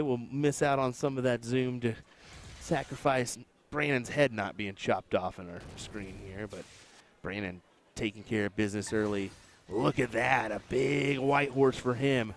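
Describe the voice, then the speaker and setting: A man commenting on a darts match on a live stream, with relaxed, joking banter. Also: medium pitch, moderate pace, slight background noise. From United States.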